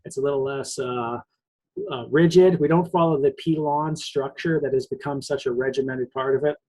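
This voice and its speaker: Joking husky man. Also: medium pitch, fairly even intonation, moderate pace, darkish tone, low-quality recording. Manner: jokey, rambling, laughs often. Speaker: podcast co-host. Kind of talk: casual sports chat.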